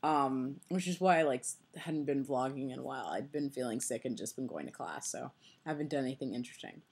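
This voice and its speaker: A woman's voice: rumbling low, expressive, quick pace, a little mellow, breathy edge. A young woman talking casually into her camera, rambling with lots of fillers and restarts, dreamy and amused. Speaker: vlogger. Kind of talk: casual vlog chat.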